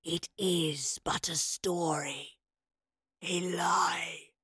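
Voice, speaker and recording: A merciless, ancient hooded guardian of time speaks in a hollow, rasping whisper. Each word comes out slow and heavy with menace, breathy and husky. There is a sharp, bright edge under the rasp. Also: female voice, fairly low pitch, fairly even intonation, dry recording, studio quality, full character voice. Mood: cold menacing. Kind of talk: audiobook narration.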